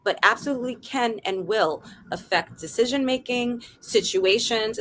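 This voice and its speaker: A woman's voice: fairly high pitch, a bit bright. A middle-aged woman hosting a casual discussion. She talks earnestly and keeps checking in with "right?". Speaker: radio show host.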